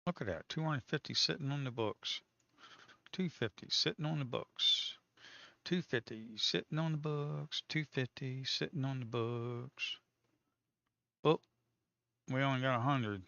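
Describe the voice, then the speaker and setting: A man's voice: mid-range voice, a little slow, creaky, pauses often, bright, forceful tone, no echo, highs cut off. A man commenting casually on live trading, talking to viewers as folks, swearing and teasing the market. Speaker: day trader streaming live.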